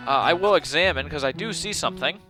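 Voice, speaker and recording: A man's voice: on the high side, expressive, fast talker, over music. A man casually commenting while playing a game, rambling and mumbling to himself. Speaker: let's play host.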